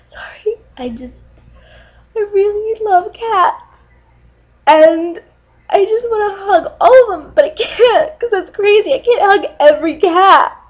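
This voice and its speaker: A woman's voice: on the high side, slow pace, low-quality recording. A young woman playing a nervous, cat-obsessed lady on a dating video, hesitant with many ums and breaking into sobs. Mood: tearful, gushing. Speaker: comedy sketch character. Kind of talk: comedic dating-video monologue.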